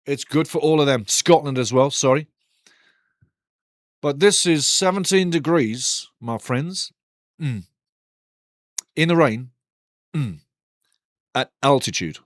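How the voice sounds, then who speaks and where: Chatty, joking streamer, bright voice. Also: male voice, on the high side, expressive, takes it slowly, long pauses, no echo, studio quality. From United Kingdom. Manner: chatty, joking, swears casually, repeats himself. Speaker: host of a live football watch-along stream. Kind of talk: casual live-stream chat and match commentary.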